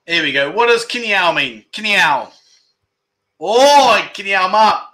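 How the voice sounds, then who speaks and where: Jokey chat-show host with a high, piercing voice, reading viewer comments aloud. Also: male voice, slow pace. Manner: jokey and teasing, with animated outbursts.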